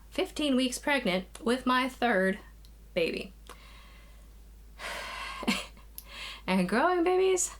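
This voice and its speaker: A young woman chatting casually to camera from a small craft room at home, a little out of breath, rambling with sighs and restarts. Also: on the low side. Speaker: knitting podcast host. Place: small spare room used as a craft nook. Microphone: camera, moving in and out of frame.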